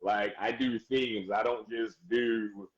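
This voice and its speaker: A man who works as a DJ, chatting casually as a guest in a live-stream interview, animated and laughing often as he gives shout-outs. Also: lowish voice, slow pace, muffled recording. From United States.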